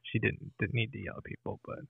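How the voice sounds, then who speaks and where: A man's voice: lowish voice, steady tone, quick pace, gravelly, breathy edge, dry recording, phone-quality sound. A man co-hosting a casual podcast, talking in easygoing slang and laughing along. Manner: slangy, says dude and bro. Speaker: podcast co-host. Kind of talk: casual chat.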